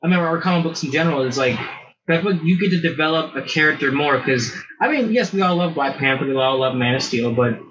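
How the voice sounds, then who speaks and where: A man's voice: fairly high pitch, animated, fast, noisy background. A man co-hosting a podcast in casual chat, laid-back and opinionated. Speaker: podcast co-host. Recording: dull lo-fi sound.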